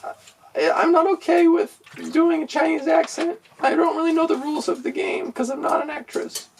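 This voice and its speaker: A giggly, breathy young female pop star frets and apologizes in a high, fluttering falsetto, as a man puts her on. It is an improvised comedy podcast bit, played for laughs. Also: steady tone, normal speed, far from the mic, a little hiss or hum. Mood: flustered.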